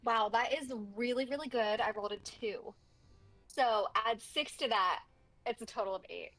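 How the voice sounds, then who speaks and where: Animated woman playing a tabletop game. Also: fairly high pitch, normal speed, low-quality recording. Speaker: player.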